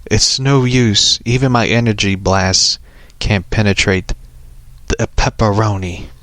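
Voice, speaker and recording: A man's voice: lowish voice, unhurried, a bit bright, no room sound. A man voicing an earnest, slightly formal young alien heroine in a storybook reading.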